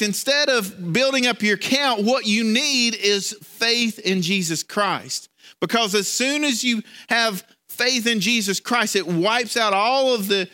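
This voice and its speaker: A man's voice: sits high, bright, forceful tone. A man preaching a sermon in a conversational way, often repeating words and restarting as he tells a story. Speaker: pastor.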